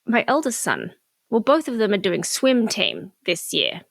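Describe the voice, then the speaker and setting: A woman's voice: medium pitch, huge pitch swings, unhurried, creaky, no room sound, studio quality. A middle-aged woman co-hosting a podcast, candidly telling a personal story in casual chat. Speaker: podcast co-host.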